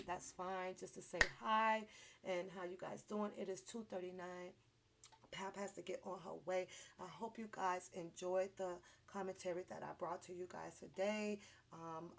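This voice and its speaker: Loud, profane woman ranting on a livestream. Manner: profane, heated ranting to viewers; swings between loud outbursts and low asides. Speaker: livestream commentary host. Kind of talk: casual livestream commentary.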